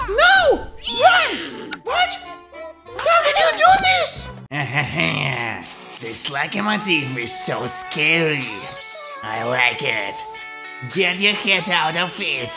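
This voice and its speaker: A performer giving frantic, shouted cartoon reactions in a fan animation, over background music. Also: very high voice.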